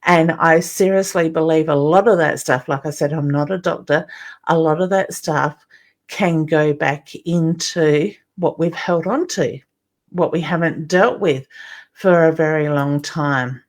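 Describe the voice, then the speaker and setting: A woman's voice: sits low, unhurried. A middle-aged Australian woman hosting a live stream as a psychic medium, chatting with viewers, reading out their comments and calling them honey.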